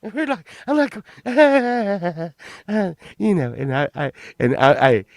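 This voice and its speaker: Fifties guy rambling through a dirty story, high lively voice, cussing and cracking up, dry close sound. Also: takes it slowly, creaky, dry recording. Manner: excitable, profane and rambling, often laughing. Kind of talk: casual anecdote telling.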